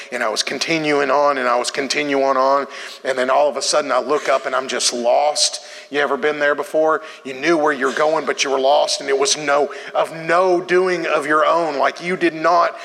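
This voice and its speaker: A middle-aged man preaching a sermon in a church, telling a family story in an animated way before turning to exhortation. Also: creaky, in a large hall. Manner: storytelling, animated, rising pitch in anecdotes. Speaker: pastor.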